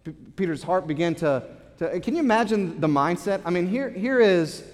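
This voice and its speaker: A man's voice: sits high, lively intonation, moderate pace. A pastor preaching a sermon to his congregation in a church, earnest and repeating words as he builds his point. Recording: long hall reverb.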